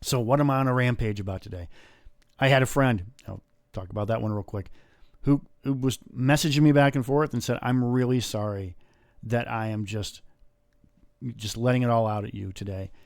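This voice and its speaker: A man's voice: medium pitch, steady tone, moderate pace, darkish tone, dry recording, studio quality. A man hosting a podcast, giving a blunt motivational monologue with casual swearing. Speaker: podcast host.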